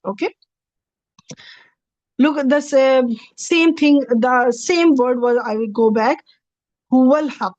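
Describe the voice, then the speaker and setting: A woman's voice: high-pitched, takes it slowly, long pauses, a little mellow, dry recording, dull audio. A woman in gives a recorded grammar lecture over slides. She talks patiently, repeats and rephrases each point, and checks in with "okay" before moving on. The recording is dry and close, with no room sound. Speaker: Arabic grammar teacher.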